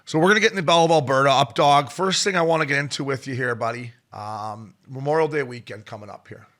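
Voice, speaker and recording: A man's voice: medium pitch, fast, fairly bright tone. Man casually co-hosting a podcast. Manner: laid-back storyteller, swears casually. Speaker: podcast co-host.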